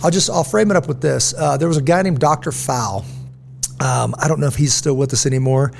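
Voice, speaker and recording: Speaking fairly quickly in a mid-range voice with some vocal fry, this middle-aged podcast host tells stories in a casual conversation. He's animated and performs the quoted voices, and there's a little hiss or hum in the recording.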